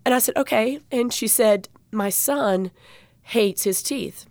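A woman guest telling a personal story in an interview, animated and getting choked up. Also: fairly high pitch, slow, vocal fry, no echo. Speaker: guest speaker.

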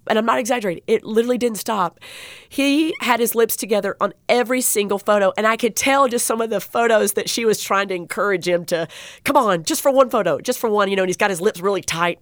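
A woman tells a heartfelt story as an interview guest, animated and near tears. Her voice sits in the middle range and sounds dry and close. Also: medium pitch, no echo. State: choked up. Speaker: guest speaker.

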